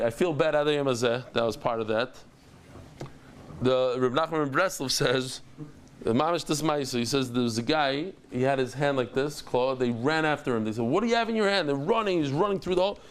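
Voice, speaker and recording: A man over fifty teaching a Talmud lesson, telling stories and acting out the dialogue with exclamations. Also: medium pitch.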